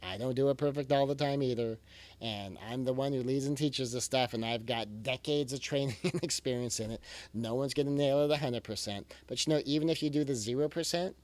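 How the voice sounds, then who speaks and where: A man with a mid-range, slightly mellow voice talks briskly in a recorded parenting session. He is a parenting coach, earnest and reassuring in tone, and he repeats key phrases for emphasis.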